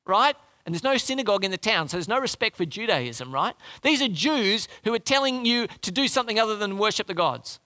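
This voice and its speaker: Animated, bright-voiced male preacher. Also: sits high, fairly quick, few pauses. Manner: animated, conversational preaching with restarts. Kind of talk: sermon.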